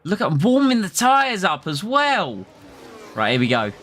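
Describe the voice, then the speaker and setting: A man's voice: high-pitched, huge pitch swings, normal speed, a bit bright. A man streaming a racing management game, chatting casually and reacting aloud to the game and his chat. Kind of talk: casual live-stream commentary.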